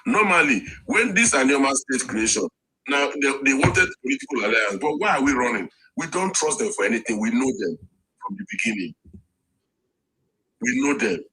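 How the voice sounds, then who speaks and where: A Nigerian man with a Nigerian accent argues politics in a heated street debate. His voice is bright and lively, with a slightly husky edge, and his tone turns emphatic and mocking. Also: medium pitch, normal speed, rough recording. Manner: emphatic, mocking, switches to Pidgin. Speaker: discussant.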